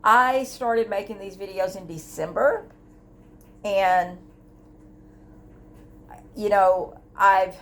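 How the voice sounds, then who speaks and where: An older woman with a lowish voice records a candid personal vlog to her device camera at home, indoors. As a grief vlogger, she is earnest, emotional and open about her feelings, rambling and restarting as she goes.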